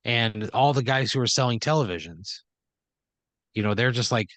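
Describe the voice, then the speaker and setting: A man's voice: mid-range voice, normal speed, a bit bright, no room sound. A man hosting a comedy podcast, telling an improvised story in a rambling way full of "like" and "you know". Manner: rambling, filler-heavy scene-setting with acted-out quotes. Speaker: podcast host.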